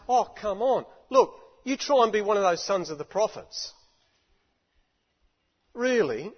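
A man preaching a sermon in an animated, emphatic way, building up to shouts. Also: very high voice, moderate pace. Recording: echoey hall, dull lo-fi.

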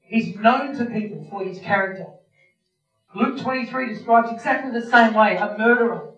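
A man's voice: high voice, normal speed, a bit bright. A man preaching a sermon, retelling a scene vividly and speaking straight to his listeners. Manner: vivid storytelling, addresses listeners directly. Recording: roomy, distant, dull sound with faint music.

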